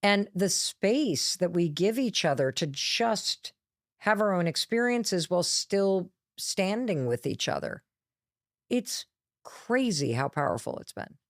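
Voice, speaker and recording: A middle-aged woman, a motivational speaker appearing as a podcast guest, telling a candid, lively story and acting out quotes as she goes. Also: lowish voice, slow, dry recording, clean studio sound.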